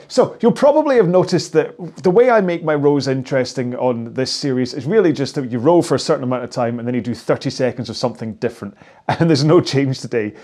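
A man's voice: medium pitch, a little mellow. A man coaching an indoor rowing workout in a chatty, joking way while he rows along on a machine. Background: faint music.

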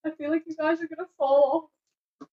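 A young-sounding woman with a high voice vlogs from a bike outdoors. She is jittery and keeps blurting out exclamations. The audio is muffled and lo-fi, picked up by a phone tied to the bike. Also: flat delivery, a little fast, noisy background. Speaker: cosplay vlogger. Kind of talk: casual vlog while riding a bike. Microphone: phone strapped to the bike.

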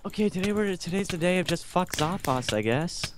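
A man's voice: sits high, animated, fairly quick, noisy background. A man hosting a casual online gaming session with friends, teasing and repeating orders. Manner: bossy, teasing, repeats himself. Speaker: host.

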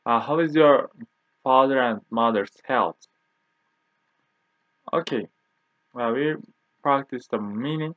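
A man's voice: medium pitch, no room sound. Man, 20s, patient teacher, repeats drill words, dry, tinny lo-fi sound. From Turkey. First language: Turkish. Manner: repeats each word slowly for drilling. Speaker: language teacher. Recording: dry, tinny phone-like recording.

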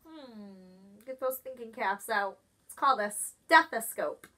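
Bright-voiced woman reading to preschoolers. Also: on the high side, takes it slowly. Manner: expressive, asks children questions. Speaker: preschool teacher. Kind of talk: storybook read-aloud for preschoolers.

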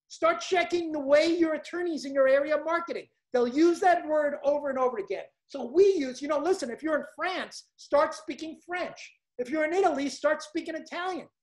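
A woman with a Brooklyn accent giving an emphatic, hyped-up seminar sales pitch as a coach.

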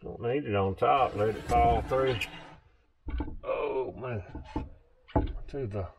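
A man's voice: medium pitch, slow, vocal fry, background noise. A man with a Southern US accent talking casually to viewers while building something, folksy and chatty, a bit out of breath. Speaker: vlogger. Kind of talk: casual DIY vlog talk.

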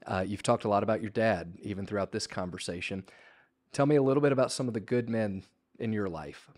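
A man hosting a faith-themed author interview, affirming his guest and asking open questions in a soft-spoken way. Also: on the low side, a little fast.

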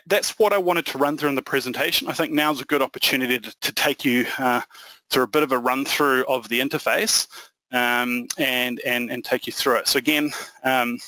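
A man presenting a software product demo in a conversational, explaining manner with frequent fillers. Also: mid-range voice, no room sound, rough recording.

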